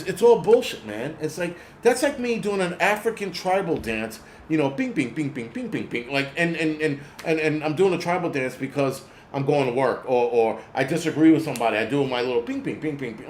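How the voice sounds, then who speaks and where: A man's voice: fairly high pitch, slight background noise. Profane, ranting man in an echoey room. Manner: profane, blunt, angry ranting. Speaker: host. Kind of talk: ranting monologue.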